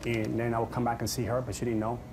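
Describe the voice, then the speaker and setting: A man's voice: mid-range voice, completely flat delivery, quick pace, background noise. A man giving an earnest, dramatic personal testimony about his past. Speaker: testimony speaker. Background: music.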